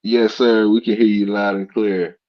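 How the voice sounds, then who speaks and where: A man co-hosting a podcast stream, relaxed, mostly short agreeing replies. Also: on the low side, normal speed, dull audio. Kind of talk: casual livestream chat.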